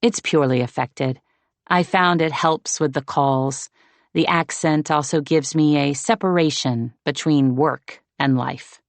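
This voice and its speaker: Woman voicing a slow easygoing Californian watchman. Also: low-pitched, no echo. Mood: genial. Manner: slow, easy, relaxed Californian drawl. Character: genial male fortune-telling watchman, relaxed.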